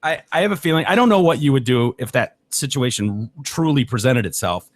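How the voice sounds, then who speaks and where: A man hosting a casual podcast, telling stories with lots of swearing, laughter and loud voices for the people he quotes. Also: medium pitch, expressive, brisk. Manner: swears freely, laughs often. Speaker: podcast host.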